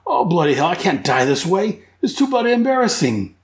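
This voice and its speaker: A man's voice: high-pitched, sing-song, brisk, pitched above the performer's own voice. A man putting on a heavy Australian accent to voice a battered, crude, grumbling male rogue, cursing comically. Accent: put-on Australian.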